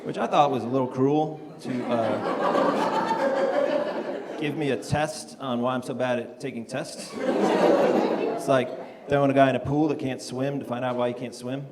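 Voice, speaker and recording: A middle-aged male comedian on a club stage, talking in a relaxed, self-mocking way and scattering ums between his punchlines. His mid-range voice rings with a long reverb, and a steady hiss of noise sits under the live recording. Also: medium pitch, unhurried, pauses often. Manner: self-deprecating, laid-back with frequent ums. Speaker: stand-up comedian. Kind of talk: stand-up comedy set.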